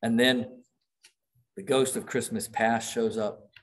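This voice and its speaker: A man's voice: mid-range voice, steady tone, slow, a little hiss or hum. A middle-aged man preaching a sermon as pastor, reading quoted passages aloud with dramatic emphasis.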